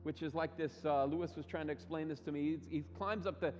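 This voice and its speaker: A man preaching a sermon, telling stories with lively acted quotes and frequent restarts. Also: a little high, fast, big-room sound, dull audio. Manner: animated storytelling with acted quotes, many restarts. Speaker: pastor.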